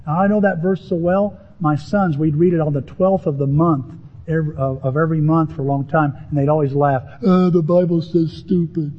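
Emphatic male pastor mid-sermon, fairly high voice, dull recording. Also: a little fast. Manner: animated, emphatic preaching with rising pitch on key words. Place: church sanctuary with a congregation.

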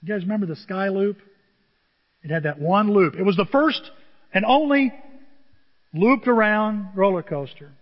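High-voiced man preaching in a reverberant church. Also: normal speed, long pauses. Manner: humorous storytelling, animated asides to the congregation. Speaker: pastor. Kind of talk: sermon. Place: church sanctuary. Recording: dull reverberant church recording.

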